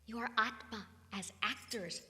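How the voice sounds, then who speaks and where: A woman's voice: on the high side, unhurried, sharp tone. An older woman from California, giving an emphatic spiritual talk full of rhetorical questions, in a reverberant hall. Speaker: spiritual teacher. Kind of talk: satsang talk.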